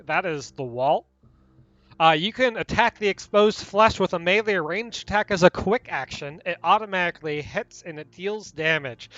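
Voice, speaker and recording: A man's voice: on the high side, fairly bright tone, dry recording, dull audio. A man running a tabletop fantasy game as game master, describing scenes and explaining rules in an upbeat way.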